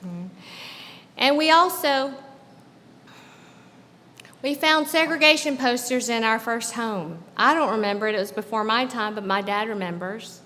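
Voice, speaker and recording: A woman from the American South giving a personal storytelling talk on stage at a live show. She keeps it conversational, checking in with the audience with quick tag questions. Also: a little high, bright, forceful tone, in a large hall. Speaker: guest speaker. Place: live show at a club venue.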